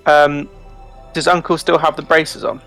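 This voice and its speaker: A man's voice: a little high, flat delivery, measured pace, fairly bright tone, faint music behind. A man playing in a tabletop game, chatty and a little hesitant. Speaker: player. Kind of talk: casual tabletop play.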